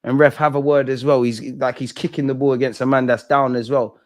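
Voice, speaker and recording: A young man hosting a live football watch-along, reacting with slangy banter that swings from loud shouting to low muttering. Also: fairly even intonation, a little fast. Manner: slangy banter, swears at the screen. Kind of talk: live match reaction commentary.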